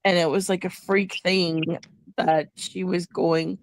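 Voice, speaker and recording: A woman with a gravelly, creaky edge to her voice tells a personal story in a casual chat. She talks in an animated way and slips into the voices of the people she quotes. The recording is dry and close, with no room sound. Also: on the low side, a little slow, no room sound. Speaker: host.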